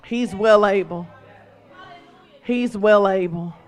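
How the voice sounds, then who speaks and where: A woman preacher delivering a sermon, moving from quiet storytelling to shouted exhortation. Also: medium pitch, slow pace, faint music behind.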